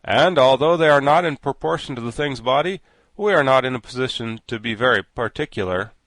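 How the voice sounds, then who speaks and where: A calm, practical tin man, as a male narrator reads him, measured and matter-of-fact. The dry recording keeps the voice close. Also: mid-range voice, dry recording, close to an everyday voice. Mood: explaining.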